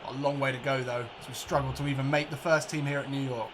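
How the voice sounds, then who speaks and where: A man commentating his own football video game match like a broadcaster, jokey and prone to excited outbursts and swearing. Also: mid-range voice, fast talker, noisy background. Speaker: let's play gamer. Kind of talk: mock football commentary over gameplay.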